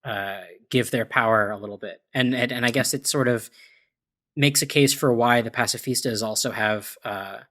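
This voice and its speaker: A man's voice: mid-range voice, moderate pace, sharp tone. Man musing with lots of fillers. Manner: hesitant, thinks aloud with many fillers and restarts. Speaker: podcast panelist. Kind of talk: casual discussion podcast.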